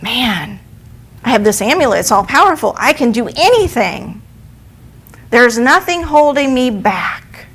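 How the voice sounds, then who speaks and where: A woman's voice: on the high side, very animated, measured pace, a bit bright, husky, exaggerated voice. Woman acting out an unsure young man. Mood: elated. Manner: doubting, then gushing with thanks. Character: anxious then confident young man.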